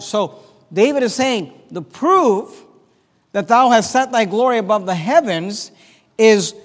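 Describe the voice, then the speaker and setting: A man with a notably high voice preaches from the pulpit, walking his listeners through scripture verse by verse. His words ring out with a long hall reverb in a church sanctuary. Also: expressive, measured pace. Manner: reads scripture aloud and explains it verse by verse. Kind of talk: expository Bible sermon.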